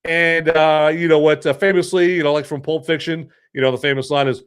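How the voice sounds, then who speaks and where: Guy rambling on his podcast, kinda high voice, jokey and animated storyteller. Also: a little fast, smooth. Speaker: podcast host and movie reviewer. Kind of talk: casual podcast monologue.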